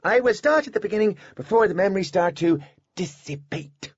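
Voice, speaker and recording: A man's voice: high-pitched, expressive, brisk, breathy edge, no echo, dull audio, voice pushed up. A man voicing a precocious, pompous little boy genius who talks like a fussy know-it-all. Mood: smug.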